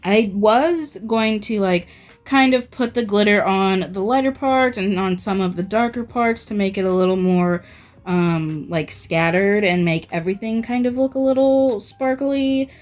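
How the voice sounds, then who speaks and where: A woman's voice: medium pitch, a little mellow, soft background music. A woman talking through a nail art tutorial in a casual, rambling voice-over, full of fillers like "um" and "like". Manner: slow, filler-heavy, rambling.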